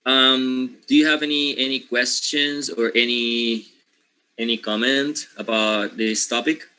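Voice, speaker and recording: Bright-voiced man lecturing with a Spanish accent. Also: mid-range voice, fairly even intonation, measured pace, clean tone, low-quality recording. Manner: repeats words, checks in with "okay?" and "right?". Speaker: professor. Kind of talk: university lecture.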